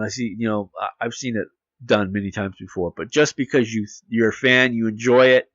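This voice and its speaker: A man from the United States hosts a solo podcast, ranting and rambling, often restarting his sentences. His mid-pitched voice swings in lively arcs, and the sound is close, dry and slightly dull, like a lo-fi home recording. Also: no echo. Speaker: podcast host.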